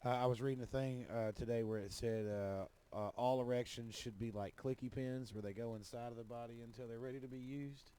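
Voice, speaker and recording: A man co-hosting a podcast, cracking crude deadpan jokes. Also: medium pitch, brisk, hardly any pauses, clean tone. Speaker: podcast co-host. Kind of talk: crude casual banter.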